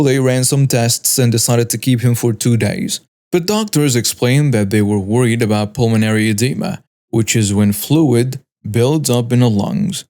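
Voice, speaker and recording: A man narrating a first-person story in a steady, even storytelling delivery. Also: mid-range voice.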